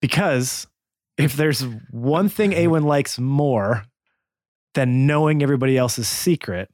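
A man's voice: medium pitch, measured pace, dry recording, studio quality. A man playing a tabletop role-playing game, describing his character's actions and laughing often. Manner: lively storyteller, laughs often. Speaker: player. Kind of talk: tabletop role-play banter.

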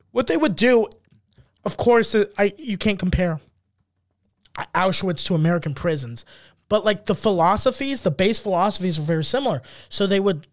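A man co-hosting a podcast in casual chat, rambling and hunting for words with lots of fillers and swearing. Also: high voice. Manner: rambling, searches aloud for words with many fillers and curses. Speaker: podcast co-host.

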